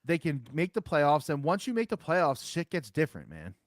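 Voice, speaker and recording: A man's voice: fairly high pitch, huge pitch swings, moderate pace, dry recording. A man co-hosting a sports podcast in casual, profane chat, rambling with lots of fillers and restarts. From Philadelphia area. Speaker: podcast co-host.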